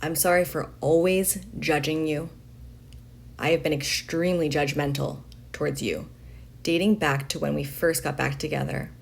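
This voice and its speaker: A woman reading a letter aloud in a slow, deliberate way, pausing between phrases. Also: sits low, steady tone, creaky. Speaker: reader of a letter.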